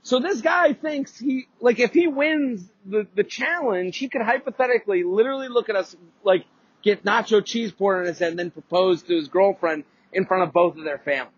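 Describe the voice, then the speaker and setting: A man with a high, husky voice rants through an anecdote on his podcast, swearing freely and often circling back to restart a thought. The sound is dry and a little dull, with no room around it. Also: moderate pace, no echo. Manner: rambling, profane, lots of restarts and fillers. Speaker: podcast host. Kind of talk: casual storytelling rant.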